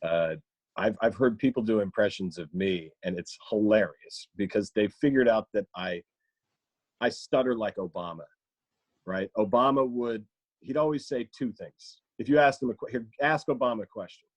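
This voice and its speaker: A comedian and voice actor sits in as a podcast guest, chatting casually in a lowish, slightly breathy voice with no echo. He's lively and keeps slipping into rapid impressions.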